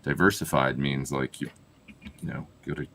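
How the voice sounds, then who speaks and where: A man's voice: rumbling low, fairly even intonation, normal speed, fairly bright tone. A man from Canada, a guest musician on a live video call, talking casually and rambling with lots of fillers. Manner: rambling, trails off with many fillers.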